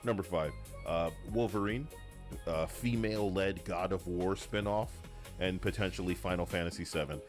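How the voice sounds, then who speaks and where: A man's voice: low-pitched, normal speed, soft background music. A man hosting opinionated gaming commentary, sarcastic and rambling, with a mocking edge. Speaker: host.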